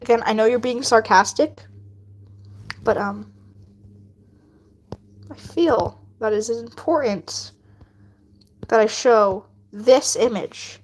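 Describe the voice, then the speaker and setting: A woman with a high voice streams while she works on a drawing and chats with her viewers. She talks casually and playfully, teases, and laughs a lot. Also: takes it slowly, long pauses. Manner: playful, teasing, laughs often, answers chat.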